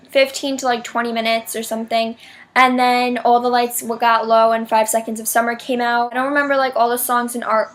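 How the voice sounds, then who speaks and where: A woman's voice: fairly high pitch, a bit bright. A teenage girl vlogging about a concert in a gushing, chatty way, full of "like" fillers. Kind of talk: excited concert haul storytelling.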